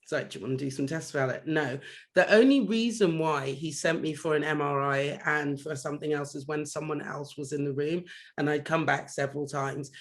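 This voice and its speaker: A young man from London, co-hosting a podcast, tells his stories in an animated casual way and swears when he recounts anger. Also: a little high, moderate pace. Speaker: podcast co-host. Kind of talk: casual chat.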